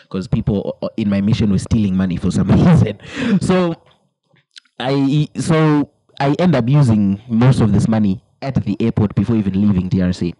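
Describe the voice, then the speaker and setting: A man's voice: fairly low pitch, animated, brisk, warm tone, no room sound, poor audio. A young man, a podcast co-host, telling a long personal story in casual chat, laughing often and quoting people in put-on voices.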